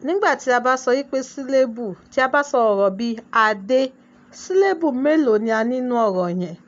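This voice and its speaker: A woman's voice: high voice, sing-song, fast talker. A woman teaching a Yoruba language lesson, moving between Yoruba and English and often asking rhetorical questions. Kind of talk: classroom lesson. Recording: dull lo-fi sound.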